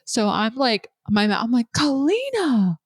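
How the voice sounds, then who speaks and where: A woman's voice: medium pitch, moderate pace, no echo. Woman podcaster telling a story, acts out all the quotes, swears a lot, dry close sound. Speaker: podcast co-host. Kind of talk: casual chat.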